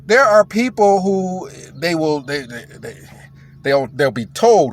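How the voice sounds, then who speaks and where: A man's voice: a little high, big pitch swings, slow. A man talking in a blunt, mocking, emphatic way as a commentator, in a casual rant.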